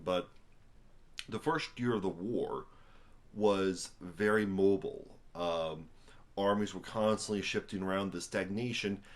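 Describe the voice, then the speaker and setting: A young American man, tired after a long day, rambling casually at home into a camera on a tripod, full of fillers and wry asides. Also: deep voice. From United States. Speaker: vlogger reviewing a book. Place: at home indoors.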